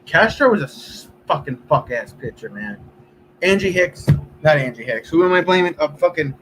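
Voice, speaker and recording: A man's voice: on the high side, expressive, moderate pace, a bit bright, slight background noise, low-quality recording. A man live streaming, chatting casually with viewers in a rambling, profane way.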